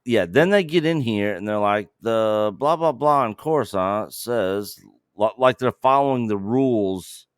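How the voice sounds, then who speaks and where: A man co-hosting a casual review chat, slow and hesitant with many fillers. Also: fairly low pitch, clean tone, dry recording, studio quality. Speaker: co-host of a TV review show.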